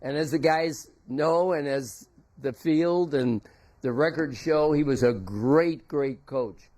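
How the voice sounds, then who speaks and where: An older man giving a memorial tribute, telling folksy, halting anecdotes about a former teammate. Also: a little high, a little mellow.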